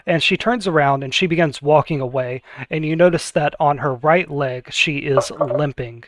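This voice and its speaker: A man runs a tabletop game as game master and narrates in a casual, relaxed way. His voice is a little high. The sound is close and dry. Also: moderate pace, no room sound.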